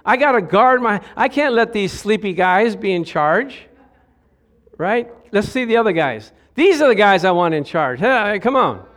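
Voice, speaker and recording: A middle-aged male pastor preaching a lively sermon, acting out quotes in different voices and laughing along the way. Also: sits high, normal speed.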